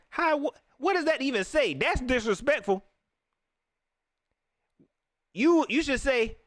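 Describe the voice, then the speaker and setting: Man, sports host, casual live commentary, teasing, very lively pitch, high voice. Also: a little slow, long pauses, dry recording, clean studio sound. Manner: animated, teasing, preachy.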